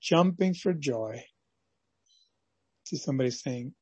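Husky, higher-pitched male preacher. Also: animated, normal speed, long pauses, darkish tone, no room sound, dull audio. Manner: dramatic storytelling, acts out scenes. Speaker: pastor. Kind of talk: devotional sermon.

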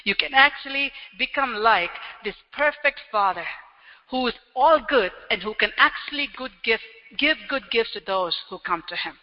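A man preaching a sermon as pastor, animated and acting out everyday scenes with quick little quoted voices. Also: very high-pitched. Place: church hall. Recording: dull lo-fi sound with long hall reverb.

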